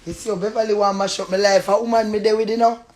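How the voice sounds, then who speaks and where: A woman's voice: medium pitch, fairly even intonation, quick pace. A woman with a Jamaican accent trades insults with her landlord in a real-life row. She curses in thick patois and taunts with laughter between her jabs. A faint noise runs underneath her voice. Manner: loud cursing patois, taunting with bursts of laughter. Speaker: tenant in a dispute. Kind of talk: heated real-life argument.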